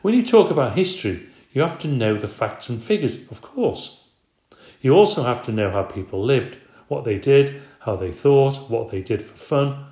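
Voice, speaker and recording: A man reading the part of an elderly grandmother who speaks up with lively, emphatic reminiscence in a storybook reading. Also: medium pitch, normal speed, close to an everyday voice. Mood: spirited. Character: chatty elderly woman, grandmother, spirited storyteller. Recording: roomy echo.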